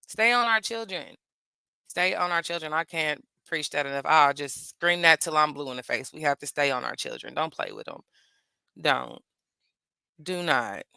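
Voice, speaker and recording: A woman's voice: on the low side, sharp tone, clear, resonant tone, no echo. A middle-aged woman, a parent, talking casually as she reacts to a video, stressing points by saying them again and again. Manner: emphatic, repeats phrases for stress.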